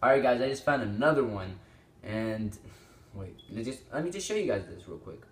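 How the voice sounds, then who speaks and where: A man's voice: mid-range voice, lively intonation, moderate pace, reverberant, background noise. A teenage boy hosting a reaction video, rambling and exclaiming, often swearing, on a small microphone. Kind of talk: casual reaction commentary. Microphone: small desktop microphone.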